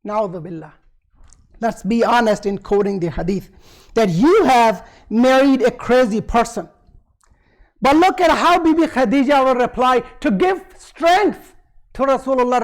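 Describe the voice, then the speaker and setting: In a community centre hall, a man with an extremely high-pitched voice delivers a sermon. He quotes passages in Arabic and then explains them in English. He also poses questions to the audience and answers them himself.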